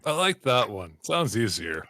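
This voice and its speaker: A man's voice: medium pitch, big pitch swings, a little slow, pushed and bright, no room sound. A man playing a tabletop game, making dry, wry comments. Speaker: player. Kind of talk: casual tabletop play.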